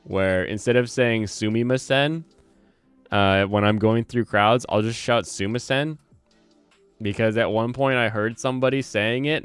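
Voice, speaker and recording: On a close desk microphone with no room sound, a man speaks in a clear, resonant, medium-pitched voice with a slight Southern US twang. He hosts a casual livestream, rambling, self-correcting and reading chat aloud against soft lo-fi music and typing.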